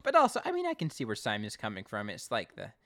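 A podcast co-host recapping an episode in casual chat, animated, with frequent restarts. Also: medium pitch, quick pace, no echo. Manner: animated, with many restarts and quoted voices.

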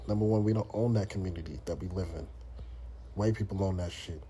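A man's voice: sits low, a little fast, warm tone, a little hiss or hum. A man from the United States hosting a podcast, talking in a blunt, profane, casual monologue full of restarts. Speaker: podcast host.

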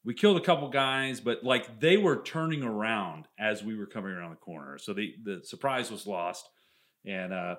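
A man hosting a podcast in casual banter, telling a story with energy and acting out the shouts. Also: fairly low pitch, normal speed. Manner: animated, acts out yelling in stories.

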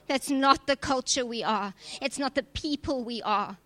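A woman's voice: sits high, measured pace, a bit bright, no echo. A woman preacher, giving a direct, emphatic sermon with touches of humor. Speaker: preacher and church leader.

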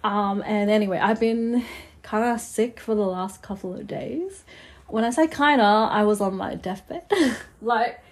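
Young woman podcasting with a cold, hoarse and nasal, rambly chat with lots of laughs. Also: mid-range voice, a little mellow. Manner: chatty, rambling, laughs often. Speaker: podcast host.

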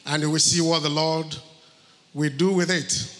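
Preaching to his flock, a male pastor drives each point home by repeating it, his high voice bright and forceful at a normal speed with a level tone. A long reverb from the church hall hangs over the recording.

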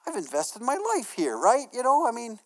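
With a very high, sing-song voice that's a bit bright, this pastor delivers a conversational sermon at a moderate pace. He's casual and filler-heavy, peppering his talk with "you know" and "right?", restarting phrases, repeating words, and repeatedly asking the congregation questions.

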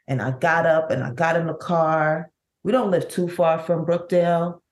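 A middle-aged woman, a bereaved mother, telling her story in an interview, with halting, vivid recounting and many restarts. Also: low-pitched, fairly even intonation. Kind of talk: emotional personal storytelling.

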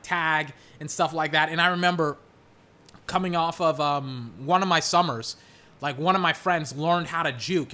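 In a high voice, a young man excitedly rambles about football as game clips play, now and then launching into mock play-by-play calls.

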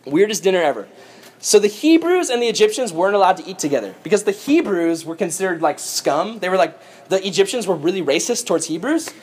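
A young man with a high voice retells a Bible story in a casual, jokey lesson. He is animated and playful, tossing in asides as he teaches. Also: fast talker, breathy edge. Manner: goofy, joking, animated retelling.

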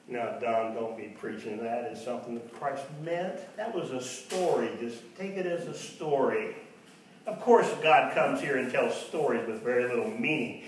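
A man's voice: normal speed, far from the mic, a little hiss or hum. Man preaching in an echoey hall. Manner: mocks imagined doubters in a high voice. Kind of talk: sermon.

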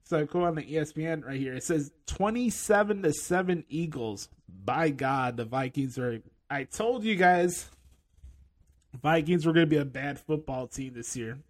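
A high-voiced male podcast host on a casual rant, sarcastic and mocking as he talks. His tone is loose and conversational, with dry jabs thrown in. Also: moderate pace.

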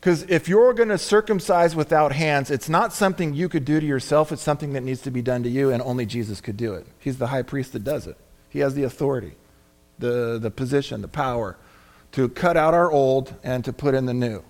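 A man's voice: mid-range voice, brisk, darkish tone. A male pastor preaching a sermon, repeating key phrases for emphasis and dropping in casual asides.

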